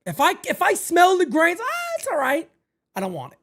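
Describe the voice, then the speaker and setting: Animated man calling a game live. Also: moderate pace, a little hiss or hum. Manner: animated, jumps into high excited calls then drops low and quiet. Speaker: live stream host calling a baseball game. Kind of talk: casual live-stream play-by-play and chat.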